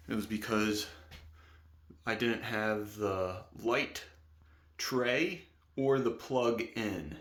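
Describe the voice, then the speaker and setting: A young man talking through a home wiring job in a relaxed, thinking-aloud way. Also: on the low side. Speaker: DIY video host. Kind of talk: casual how-to narration. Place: indoors in a home bathroom.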